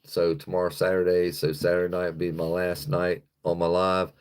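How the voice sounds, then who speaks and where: A man's voice: sits low, level tone, moderate pace, smooth. A man chatting casually on his live stream, rambling loosely and swearing freely, into a phone on a stick.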